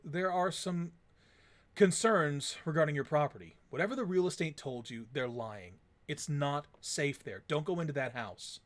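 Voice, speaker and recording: A man's voice: a little high, normal speed, natural voice. A man voicing a polite, earnest middle-aged husband who pleads and worries.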